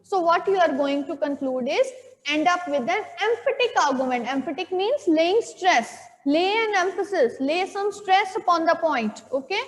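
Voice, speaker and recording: High-voiced Indian woman teaching in a hall. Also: animated, normal speed. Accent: Indian English. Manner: explains step by step, repeats key points, checks with "okay?". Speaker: school English teacher. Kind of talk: classroom lecture. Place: classroom.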